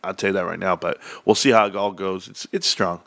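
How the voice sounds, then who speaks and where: A man's voice: sits low, fairly even intonation, a little fast, vocal fry, a bit bright, no room sound. A man hosting a casual stock market livestream, rambling and joking while answering chat viewers. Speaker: livestream host.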